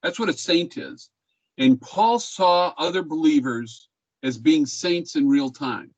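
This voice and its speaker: A man's voice: on the high side, slow, dry recording, muffled recording. An older man teaching an online class, talking in a laid-back way and checking in with questions. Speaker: music professor.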